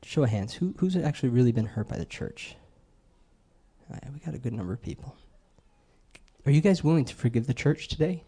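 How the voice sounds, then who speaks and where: This sermon comes from a middle-aged man whose medium-pitched voice is husky and dark in tone, animated and fairly quick yet marked by long pauses. Conversational in style, he poses questions to the crowd and draws on personal stories.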